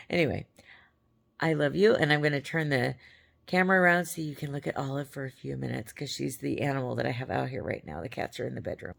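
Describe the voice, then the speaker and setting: A woman vlogging to her camera from her couch at home, chatting in a rambling way, her voice crackly and hoarse. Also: very deep voice, a little fast. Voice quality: gravelly. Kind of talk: casual chat to camera.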